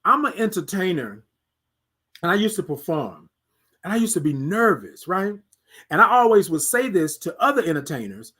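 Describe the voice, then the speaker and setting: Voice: medium pitch, very animated, normal speed, breathy edge. Emphatic motivational podcast host. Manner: emphatic, repetitive rhetorical questions, talks straight to listeners; speaks to self by name, soft and coaxing in places. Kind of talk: motivational monologue.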